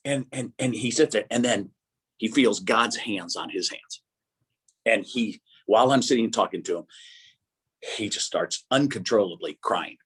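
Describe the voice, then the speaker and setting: A man telling lively faith stories in a casual talk, with an excitable manner, acting out the voices he quotes. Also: lowish voice, slightly rough. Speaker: guest speaker.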